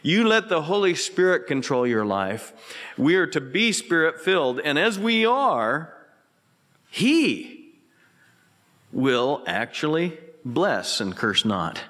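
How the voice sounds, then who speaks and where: A man preaching a radio sermon as pastor, earnest, swinging between emphatic lines and hushed, tender ones. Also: a little high, very animated, slow pace, big-room sound. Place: church sanctuary.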